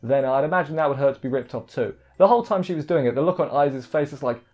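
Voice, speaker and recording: A man's voice: mid-range voice, fast talker, a little mellow. A man casually recapping an anime episode, rambling, restarting words and filling gaps with "like" and "you know". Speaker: anime reviewer. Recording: dull lo-fi audio with faint music.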